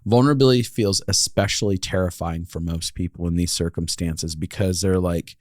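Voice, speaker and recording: A man's voice: deep voice, steady tone, fairly quick, no room sound, studio quality. A man co-hosting a relationship podcast, chatting casually, laughing often and rambling with restarts. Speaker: podcast co-host. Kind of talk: casual chat.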